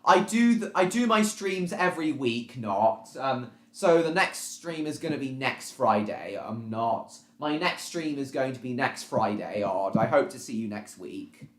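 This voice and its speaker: Halting man streaming in an echoey room. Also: medium pitch, animated. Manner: repetitive, halting, restarts phrases, many ums. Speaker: live stream host. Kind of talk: casual live stream chat, reading out viewer comments. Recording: roomy echo.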